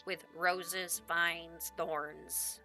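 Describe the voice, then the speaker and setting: A woman's voice: on the low side, flat delivery, extremely slow, bright, forceful tone, faint music behind. A woman game master narrating a tabletop game in a casual, descriptive way, full of "like" fillers.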